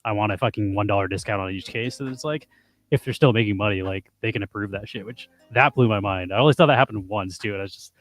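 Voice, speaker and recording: A man's voice: fairly low pitch, faint music behind. A young man co-hosting a casual podcast, telling grocery store stories with plenty of swearing. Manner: swearing, rapid storytelling. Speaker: podcast co-host. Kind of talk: casual chat.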